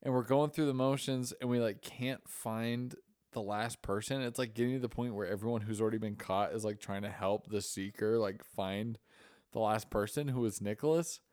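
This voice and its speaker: A man's voice: lowish voice, normal speed, darkish tone, dry recording, studio quality. A young man co-hosting a podcast, telling rambling stories in casual chat with plenty of swearing. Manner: profane, rambling storytelling. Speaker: podcast co-host.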